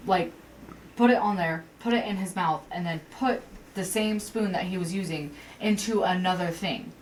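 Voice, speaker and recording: A woman co-hosting a podcast, telling a work story in casual chat, swearing freely and jumping up in pitch when she quotes herself. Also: far from the mic, slight background noise, rough recording. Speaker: podcast co-host.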